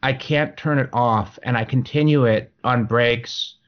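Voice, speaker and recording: A man's voice: mid-range voice, measured pace. Man, podcast co-host, casual gaming chat, repeats himself, laughs a lot, slightly dull lo-fi audio. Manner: rambling, repeats words, laughs often. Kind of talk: casual chat about tabletop games.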